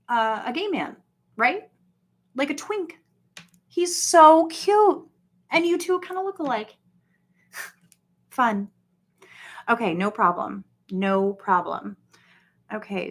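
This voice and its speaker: A woman's voice: fairly high pitch, a bit bright. A woman chatting casually on a livestream, rambling and swearing as she talks straight to her viewers. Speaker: livestream host.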